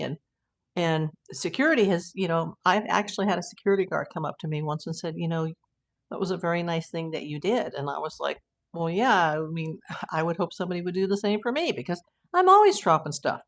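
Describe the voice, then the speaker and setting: Brief: woman live-stream host, loose rambling chat with frequent laughs, slightly low-pitched voice. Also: animated, fairly quick. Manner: rambling, anecdotal, laughs often. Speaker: host of a live YouTube channel.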